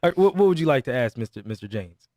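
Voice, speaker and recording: A man's voice: medium pitch, sing-song, very fast, darkish tone, no echo. A man hosting a casual studio interview, laid-back and laughing often. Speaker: host.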